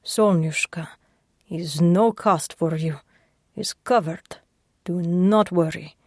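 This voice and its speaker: A woman voicing a gruff, protective man who speaks in clipped, broken English. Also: lowish voice, slow pace, darkish tone, dry recording, studio quality. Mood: gruff, tender.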